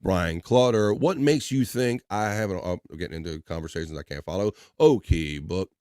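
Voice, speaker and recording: A man's voice: low voice, normal speed, darkish tone, no room sound, clean studio sound. A man hosting a casual live stream, joking around and reading viewer comments aloud. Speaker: live show host.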